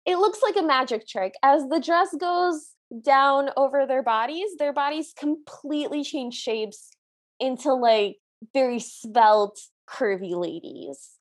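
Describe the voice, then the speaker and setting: A woman co-hosts a podcast in a casual review chat, describing an old cartoon playfully and enthusiastically. Her voice sits high and she keeps a measured pace.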